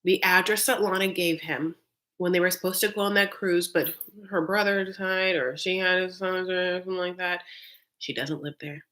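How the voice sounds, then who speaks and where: A woman hosts a live reaction stream, recapping a reality show in a gossipy, sassy running chat with her viewers. Her voice sits low but comes across bright and sharp. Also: steady tone, moderate pace.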